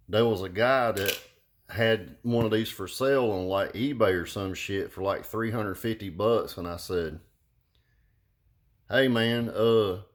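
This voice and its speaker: Slow-talking, profane ranting man. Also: on the low side. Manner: profane, blunt, mocking. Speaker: vlog host. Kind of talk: casual rant.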